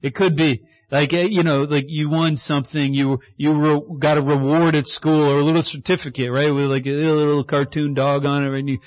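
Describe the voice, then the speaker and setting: A man preaching a sermon as pastor, in a conversational style that acts out quotes and builds to excited shouts. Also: fairly high pitch, a little fast, muffled recording.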